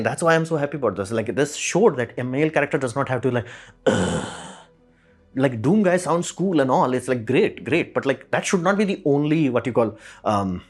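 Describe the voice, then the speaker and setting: A man talks through his opinions in a loose, rambling monologue, leaning on "it's like" and fillers. His voice sits at a middle pitch. Faint music plays underneath. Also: husky. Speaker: commentator.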